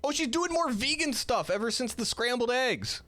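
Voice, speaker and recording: A man streaming, reacting to videos with animated, swearing commentary and frequent laughter. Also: extremely high pitch, moderate pace.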